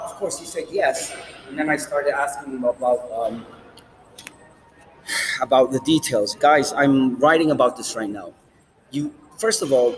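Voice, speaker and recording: A man's voice: on the high side, fairly bright tone, a little hiss or hum, low-quality recording. A man vlogging in a rambling, casual monologue, swearing often and jumping between topics. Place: outdoors, standing, smoking a cigar.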